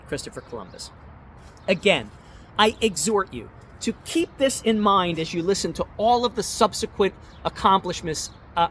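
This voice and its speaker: Man, high voice, scripted history narration, emphatic, cites sources, faint traffic noise. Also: a bit bright. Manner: earnest and emphatic, citing sources.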